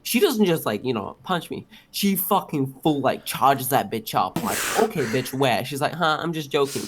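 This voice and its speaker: A man's voice: mid-range voice, normal speed, noisy background. A teenage man co-hosting a casual podcast, telling stories with lots of swearing and acting out the dialogue. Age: teens. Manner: animated, swearing, acts out dialogue. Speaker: podcast co-host. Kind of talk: casual chat, storytelling.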